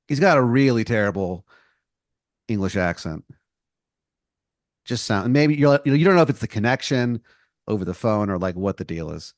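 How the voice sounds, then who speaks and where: Low-voiced male podcast co-host, rambling improv storyteller, dry close sound. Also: lively intonation, normal speed, pauses often, no room sound. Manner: rambling, full of likes and restarts.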